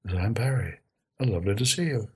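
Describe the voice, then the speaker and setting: Husky older man, wry storyteller. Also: lowish voice, fast. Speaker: interviewee. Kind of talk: oral history recollection.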